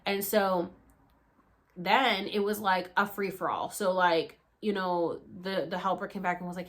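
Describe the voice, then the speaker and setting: A woman's voice: fairly low pitch, moderate pace. Young woman telling a wild story. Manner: animated, swearing, acts out others' voices. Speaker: vlogger. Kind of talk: casual storytelling vlog.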